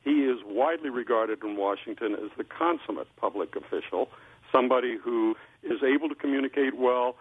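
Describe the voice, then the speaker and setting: An older man speaks on a tinny phone line, his voice a bit husky. He sounds like a columnist giving political commentary, measured and unhurried, with frequent uhs and restarts between thoughts. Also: mid-range voice.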